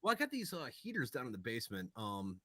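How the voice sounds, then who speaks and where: A man, a guest telling stories with profane, deadpan joking rants. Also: mid-range voice, fast. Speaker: guest, veteran and video creator. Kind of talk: casual chat.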